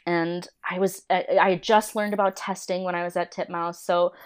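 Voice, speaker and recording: A storyboard artist in her thirties chats casually as an interview guest, telling animated stories with frequent laughter and acted-out quotes. Her voice is on the low side, clear and resonant, at a moderate pace.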